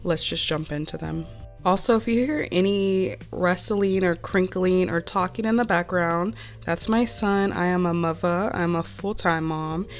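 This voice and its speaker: A woman's voice: lowish voice, a little slow, faint music behind. Sick, nasal woman in a casual voiceover. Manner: chatty and candid, with many fillers. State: sick with a cold. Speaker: press-on nail artist and channel host. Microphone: home voiceover mic.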